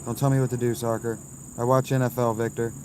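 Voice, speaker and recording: A man in his thirties, live streaming from a campsite and answering his chat with blunt, dismissive, quick replies. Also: medium pitch, flat delivery, a little mellow, a little hiss or hum. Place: outdoors at a campsite.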